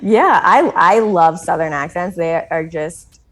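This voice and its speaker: A woman with an American accent, a guest on a podcast, telling a story in animated casual chat, full of "like" and laughter. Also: fairly low pitch, a little slow. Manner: animated storytelling, many "like" fillers, frequent laughter.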